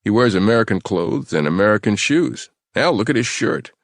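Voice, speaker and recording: A man voicing a calm male soldier who coaxes a captive as the good cop. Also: fairly low pitch, moderate pace, no room sound, studio quality, voice pushed up. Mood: coaxing. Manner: calm, coaxing, persuasive.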